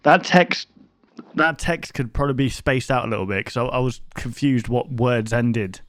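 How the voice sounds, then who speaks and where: A man's voice: mid-range voice, normal speed, a bit bright, dry recording. Rambling man hosting a reaction video. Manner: rambling and self-mocking, reads on-screen text aloud. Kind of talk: casual commentary reacting to videos.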